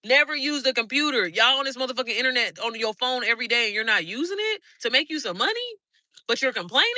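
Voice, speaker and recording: Fast, fired-up, blunt woman coach. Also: on the high side, bright, forceful tone, no echo. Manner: fired-up, blunt and heavily profane. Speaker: online business coach. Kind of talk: casual live stream talk to viewers.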